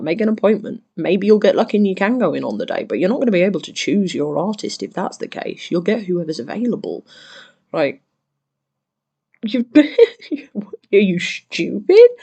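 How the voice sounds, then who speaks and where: A Reddit reaction host reads stories and mocks the people in them with lively sarcasm. They often laugh and slip into hushed, whispered asides. The voice sits in a middle register. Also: medium pitch. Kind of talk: reading and reacting to Reddit posts.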